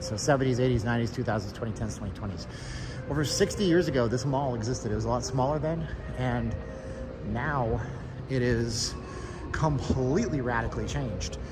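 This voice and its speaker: A man's voice: mid-range voice, noisy background. Joking rambling man vlogging live. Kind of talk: live-streamed walking tour. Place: inside a large shopping mall. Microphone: phone held while walking.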